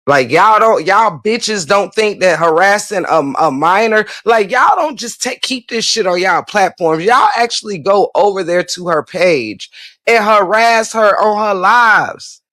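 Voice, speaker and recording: A woman livestream host talks at a slow, deliberate pace, hammering her points with blunt, profane repetition. She keeps coming back to the viewers and answers their comments directly. The sound is dry and close, with no room around it. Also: medium pitch, animated, a bit bright, no room sound.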